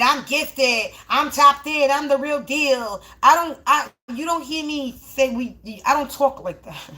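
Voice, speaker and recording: Woman, fairly high voice, profane rant, confrontational, rambling, live-stream monologue. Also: a bit bright. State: dry mouth while smoking. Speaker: spiritual reader streaming live.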